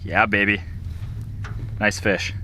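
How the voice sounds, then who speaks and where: A young man chatting casually with friends on a camping trip, making short relaxed remarks. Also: on the low side, slow, distant mic, background noise. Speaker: camping companion. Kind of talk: casual chat.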